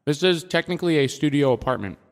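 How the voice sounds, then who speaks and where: A man's voice: fairly high pitch, animated, fast. A man co-hosting a casual podcast from his apartment, making dry wisecracks. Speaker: podcast co-host. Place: studio apartment. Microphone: drum mic.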